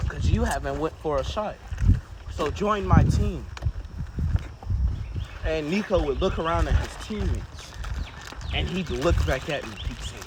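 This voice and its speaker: A man's voice: on the high side, background noise. A man improvising a what-if story in casual chat, trading playful trash talk and swearing freely. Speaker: co-host.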